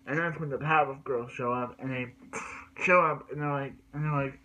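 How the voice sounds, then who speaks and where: A man's voice: mid-range voice, fairly even intonation, brisk, sharp tone, highs cut off. A man recapping cartoon episodes in a rambling way, with many restarts and repeated words. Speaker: cartoon reviewer.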